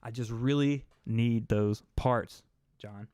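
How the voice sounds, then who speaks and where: A man's voice: medium pitch, steady tone, slow pace, a little mellow, smooth, dry recording, studio quality. A young man hosting a casual livestream, chatting and rambling to his viewers. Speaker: host.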